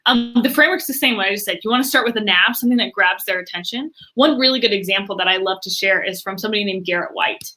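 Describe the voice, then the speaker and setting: A woman guest in an interview, talking with lots of fillers and acting out other people's reactions in quick quoted voices. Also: medium pitch. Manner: animated, many fillers, acts out quoted reactions. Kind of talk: enthusiastic interview talk.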